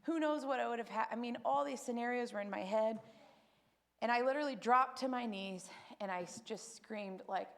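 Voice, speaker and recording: Woman giving a spoken testimony, emotional storytelling with a touch of vocal fry. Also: fairly high pitch, moderate pace. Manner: emotional, animated storytelling with acted quotes. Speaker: testimony speaker at church.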